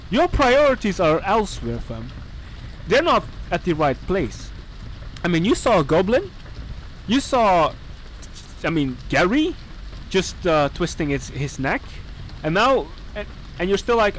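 A man's voice: high voice, lively intonation, measured pace. A young man playing a horror game and commentating, jumpy and talking back to the characters on screen. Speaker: gaming channel host. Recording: faint background noise.

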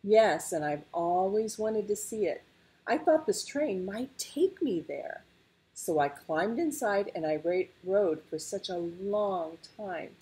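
A woman's voice: mid-range voice, expressive, takes it slowly, dark tone, husky, voice pushed up, exaggerated voice. A woman voicing a frightened, lost little male tiger cub in a storybook, whimpery and anxious.

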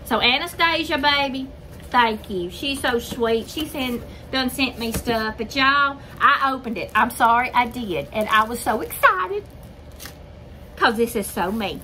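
Older lady rambling on to her viewers, bright voice, a little high, faint hiss behind her. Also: lively intonation, measured pace, low-quality recording. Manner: rambling, chatty, addresses viewers as y'all. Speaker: craft video host. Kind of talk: casual chat.

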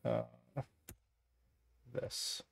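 A game master running a tabletop game, with an apologetic manner and quick to laugh. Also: a bit bright, a little hiss or hum.

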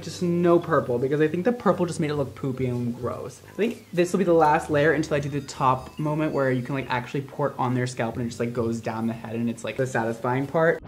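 A man hairstylist vlogging casually as he colors hair, with dramatic, exaggerated, self-mocking reactions. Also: on the high side.

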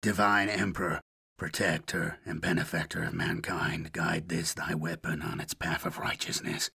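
A man voicing a grim male assassin who murmurs a prayer in a low, quiet, solemn voice. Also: level tone, moderate pace, vocal fry, husky, no echo, studio quality, exaggerated voice.

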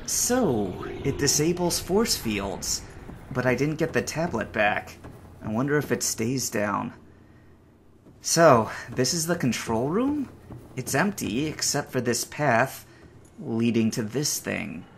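A man voicing a stranded space survivor who mutters to himself in a halting way. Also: mid-range voice, sing-song, a little hiss or hum. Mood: worried. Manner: talks to himself, halting, rising to panicked shouts. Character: stranded male space survivor, anxious and curious. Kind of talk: acted game narration.

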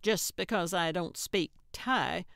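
A woman's voice: on the low side, slow, creaky, fairly bright tone, clear, resonant tone, no room sound, clean studio sound, exaggerated voice. A woman voicing a cantankerous, blunt old woman from New England who snaps and grumbles in a storybook reading. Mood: indignant.

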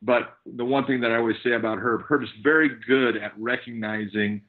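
A man, a fight referee and podcast guest, telling stories in a lively way and acting out what people said. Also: mid-range voice, brisk. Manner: animated storyteller acting out quotes. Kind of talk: casual podcast chat. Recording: dull lo-fi audio.

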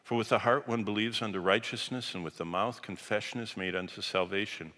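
Male preacher, animated storyteller, reads scripture, bright and forceful tone. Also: on the low side, a little fast. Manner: animated storyteller, swings from loud to hushed. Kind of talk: storytelling sermon. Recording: long hall reverb.

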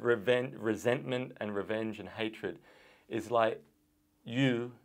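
A man hosting a casual podcast chat, rambling with halting restarts. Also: lowish voice. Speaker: podcast host.

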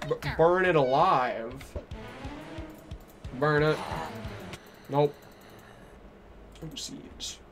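A man streaming a game live, chatting excitably, muttering to himself and to his chat. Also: mid-range voice, a little hiss or hum. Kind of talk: live gameplay commentary.

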